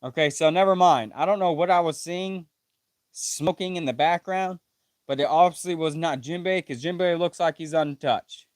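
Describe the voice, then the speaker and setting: A man's voice: fairly high pitch, normal speed, no echo, studio quality. A man live-streaming his reaction to a manga chapter, reading panels aloud, correcting himself and swearing casually.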